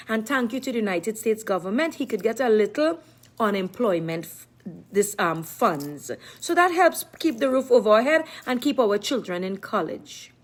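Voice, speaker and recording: A middle-aged woman talking casually to her viewers in an emphatic, repetitive way, often speaking of herself in the third person. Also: mid-range voice. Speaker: live-stream vlogger.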